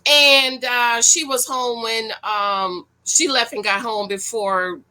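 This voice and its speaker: Woman, high bright voice, casual show recap, frank, animated, preachy advice. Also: slow pace. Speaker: reality-show reviewer. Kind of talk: casual video commentary.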